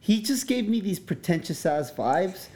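Mellow-voiced rambling young man. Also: high voice, sing-song, a little slow. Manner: rambling, hedging, slangy. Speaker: podcast co-host. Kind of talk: casual chat.

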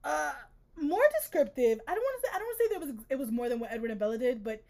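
High-pitched woman chatting on a book podcast, animated, laughs a lot, acts out quotes. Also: very fast. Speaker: podcast co-host. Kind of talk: casual book-discussion chat.

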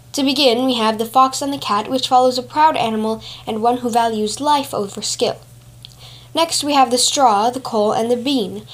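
High-voiced young woman reading fairy tales. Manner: wry, chatty asides with many fillers. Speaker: podcast host and reader. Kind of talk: fairy-tale reading with casual asides.

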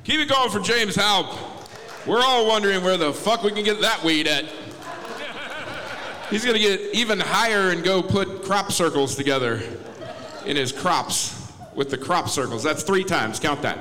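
A man working as the emcee of a comedy show, shouting hyped introductions from the stage. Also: high voice, normal speed, big-room sound. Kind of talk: stage announcing.

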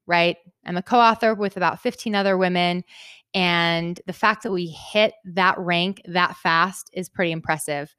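Chatty woman podcast host, smooth dry voice. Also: medium pitch, fairly bright tone, dry recording. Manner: chatty, upbeat, frequent "right?" tags. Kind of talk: casual podcast monologue.

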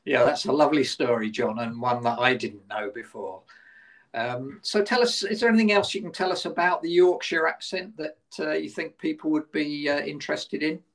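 A man's voice: on the high side, moderate pace, fairly bright tone. Interviewer man, distant from the mic. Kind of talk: interview questions.

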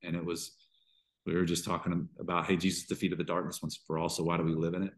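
A man, a pastor and podcast guest, speaking candidly and emotionally in a halting way with frequent restarts. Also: deep voice, little pitch movement. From Georgia. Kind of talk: candid interview conversation.

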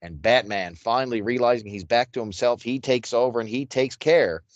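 A man's voice: mid-range voice, moderate pace, no room sound, highs cut off. An easygoing man co-hosting a comic book podcast, with a mid-range voice. He chuckles often and stammers a little as he starts his points. The recording is dry. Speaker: podcast co-host.

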